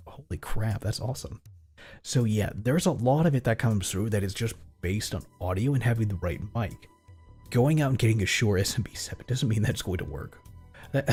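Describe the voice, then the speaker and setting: Husky-voiced man rambling casually. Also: lowish voice, a little mellow. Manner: rambling, profane, acts out both sides of imagined exchanges. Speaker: streamer. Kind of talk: casual stream chat.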